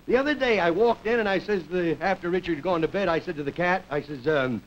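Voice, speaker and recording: Male comedy host, high voice, rambling folksy stand-up, laughs at his own gags; dull old broadcast audio, loud hiss. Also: fast. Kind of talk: stand-up monologue before a studio audience. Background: studio audience laughter.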